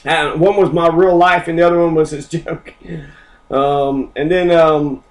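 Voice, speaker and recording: Man, fairly high voice, constant swearing, mocking, combative rant. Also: fairly even intonation, a little slow, poor audio. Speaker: podcast host. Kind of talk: profane ranting monologue.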